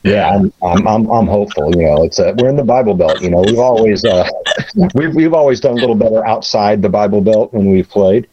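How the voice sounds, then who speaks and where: A very low, mellow male voice answers interview questions, stopping often on uhs and repeated words. The sound is dry and dull, like a lo-fi line. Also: brisk. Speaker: band member guest.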